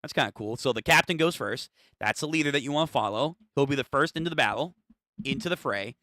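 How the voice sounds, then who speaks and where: Lively, profane young man streamer. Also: mid-range voice, fast, dry recording, clean studio sound. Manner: casual and profane, reacting out loud. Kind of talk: live manga reaction.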